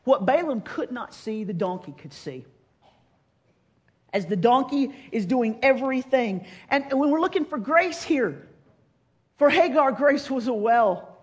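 Animated high-voiced woman preaching. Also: measured pace. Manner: animated storytelling, wide swings between loud and hushed. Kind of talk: sermon.

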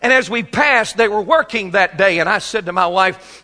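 A man's voice: sits high, moderate pace, few pauses. Preaching man in a reverberant hall. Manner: swings from quiet storytelling to shouted preaching. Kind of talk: sermon.

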